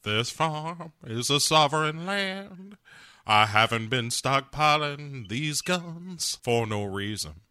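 A man's voice: a little high, animated, slow, bright, forceful tone, clean tone, no room sound, exaggerated voice. A man voicing a blustering, defiant old farmer who makes threats, as a comic bit on a podcast. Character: armed, defiant old farmer expecting a raid.

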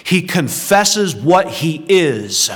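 A man's voice: fairly high pitch, very animated, very slow. A man preaching a sermon to his congregation, talking in a conversational way with rhetorical questions and a chuckle now and then. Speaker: pastor.

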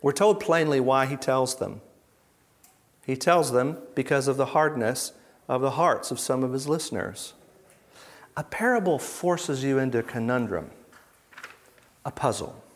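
Emphatic man teaching a live audience. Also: mid-range voice. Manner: emphatic, rhetorical questions, swings between loud and hushed. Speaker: Bible teacher.

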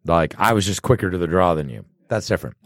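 A man's voice: low voice, animated, quick pace, fairly bright tone, no room sound. A man co-hosting a casual podcast, talking bluntly with lots of swearing and chewing snacks near the microphone. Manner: blunt and profane, chewing snacks close to the mic. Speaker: podcast co-host, bartender. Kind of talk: casual chat. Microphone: studio microphone.

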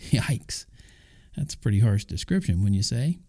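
Mellow-voiced man giving a casual devotional talk. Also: lowish voice, big pitch swings, fast, creaky. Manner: conversational, with asides and chuckles. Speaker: Christian podcast host.

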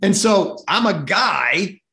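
Animated storyteller, a man with higher pitch. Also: slow pace, creaky. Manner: lively, acts out quoted voices, chuckles while telling. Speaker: podcast guest, sales expert.

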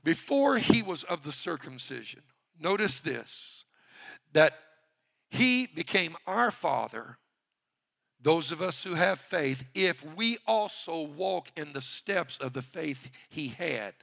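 A man's voice: a little high, lively intonation, takes it slowly, gravelly, fairly bright tone. A male pastor preaching a sermon who calls on the congregation to respond.

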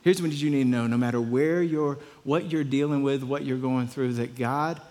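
A man's voice: mid-range voice, fairly even intonation, moderate pace, darkish tone, big-room sound. A pastor telling a story in a conversational sermon, often repeating his words.

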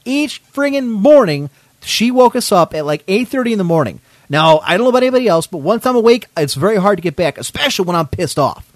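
A man's voice: high-pitched, big pitch swings, fast, no echo. A man hosting a podcast, telling a story in a casual, indignant way, swearing often. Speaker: podcast host.

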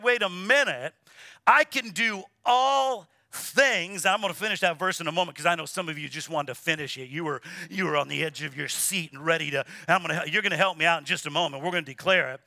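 Man, pastor, sermon, high voice, emphatic preaching, dry close sound. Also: quick pace, creaky, few pauses, bright, forceful tone, no echo. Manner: emphatic preaching, repeats words, asks congregation to respond. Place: church sanctuary.

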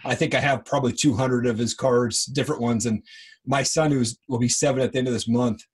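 A man's voice: medium pitch, steady tone, a little fast, slightly rough. A man in his thirties hosting a podcast interview, laughing often and chiming in eagerly. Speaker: podcast host. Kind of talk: casual interview.

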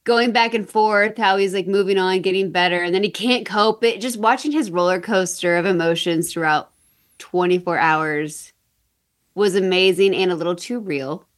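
A woman talking casually on a podcast about a film, animated and laughing as she acts out scenes. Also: medium pitch, moderate pace. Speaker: podcast guest.

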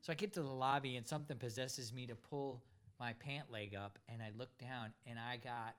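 A man casually telling a story on a talk show, animated and acting out the voices of the people in it. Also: mid-range voice, moderate pace. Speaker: podcast co-host, pilot.

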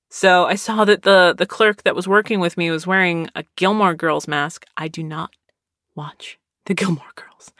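A young woman casually telling a rambling story, laughing often and squealing when excited. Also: fairly low pitch, dry recording, clean studio sound. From Texas. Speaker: podcaster.

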